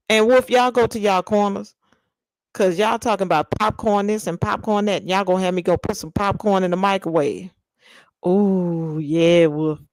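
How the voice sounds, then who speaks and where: A woman's voice: fairly low pitch, a little mellow, no room sound. A woman hosting a casual live chat with viewers, playful and teasing, drawing out lists of food. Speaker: livestream host.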